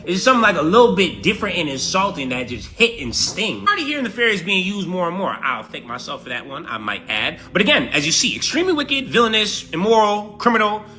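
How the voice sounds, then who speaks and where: A man's voice: sits high, quick pace, few pauses. A man with a New York accent giving a brash, profane mock vocabulary lesson. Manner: brash, profane, animated delivery. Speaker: comedic vocabulary teacher.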